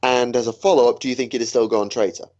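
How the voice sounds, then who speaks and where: A man's voice: medium pitch, steady tone, quick pace, a little mellow, lo-fi sound. A man co-hosting a casual podcast chat, teasing and hesitant, with frequent ums. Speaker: podcast co-host.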